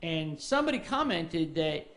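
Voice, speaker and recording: A man co-hosting a casual podcast, telling stories in a halting, rambling way with many fillers. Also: fairly high pitch, very animated, a bit bright. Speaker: podcast co-host.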